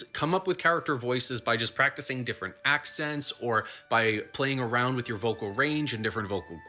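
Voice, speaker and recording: Lively man giving tabletop game advice. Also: mid-range voice. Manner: lively, joking, talks straight to the viewer. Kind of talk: advice video talk.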